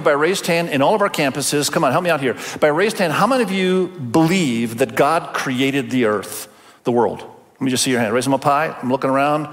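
Older man, pastor, emphatic sermon, rhetorical questions, echoing church hall. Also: medium pitch. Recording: long hall reverb.

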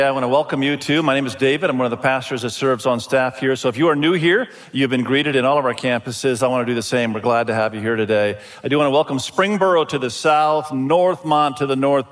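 A male pastor giving a sermon in a friendly, conversational storytelling manner. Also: mid-range voice. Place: church auditorium. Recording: long reverb of a large hall.

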